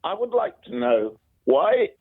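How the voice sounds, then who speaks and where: A man calls in to a radio show over a thin, tinny phone line. He asks his question somewhat hesitantly and pauses as he goes. The sound is dry. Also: a little high, sing-song, no echo. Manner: hesitant, uses fillers while asking. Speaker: caller.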